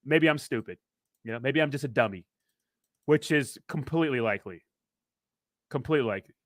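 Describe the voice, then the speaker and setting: A man's voice: medium pitch, lively intonation, a little fast, dry recording, studio quality. A man hosting a casual crypto livestream, rambling and joking as he reads viewer comments aloud.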